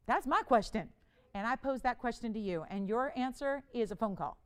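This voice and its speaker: A woman hosting a live TV jewelry shopping show, pitching an auction in a chatty, playful way, laughing often and urging bidders on. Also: expressive, brisk, fairly bright tone, smooth. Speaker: TV shopping host. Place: TV studio.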